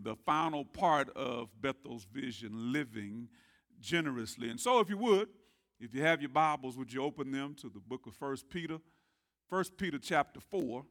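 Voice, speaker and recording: A man preaching a sermon as pastor, calling on the congregation to answer back and swinging from quiet murmurs to loud rising shouts. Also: mid-range voice, creaky. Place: church sanctuary.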